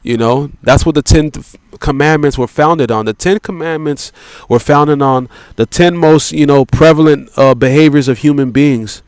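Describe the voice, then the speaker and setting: A man delivering a rambling philosophical monologue, profane and repetitive, leaning on filler words and slow, drawn-out emphasis. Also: fairly high pitch, a little mellow, no echo. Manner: profane, repetitive, peppered with "you know" and "man".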